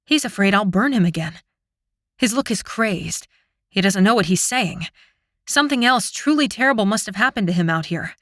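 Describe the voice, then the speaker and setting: A woman narrating a fantasy audiobook in the first person, with dramatic, expressive storytelling. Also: mid-range voice, moderate pace, dry recording, clean studio sound.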